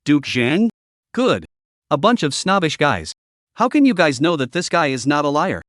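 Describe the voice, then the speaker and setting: A man's voice: a little high, sing-song, normal speed, fairly bright tone, no echo, clean studio sound. A man voicing a proud young male applicant to a martial sect who scoffs at a stranger. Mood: scornful.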